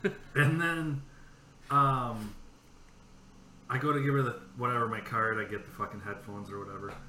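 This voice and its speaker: Bright-toned man telling rambling stories. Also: mid-range voice, fairly even intonation, normal speed, roomy sound, slight background noise. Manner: profane, rambling anecdotes. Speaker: podcast host. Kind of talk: casual storytelling chat.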